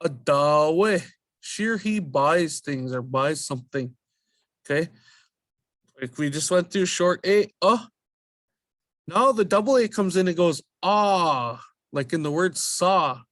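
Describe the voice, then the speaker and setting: A man teaching a language lesson, drilling vowel sounds slowly and repeating each word patiently. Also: on the high side, lively intonation, a bit bright, dry recording, clean studio sound. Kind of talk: slow spoken language lesson.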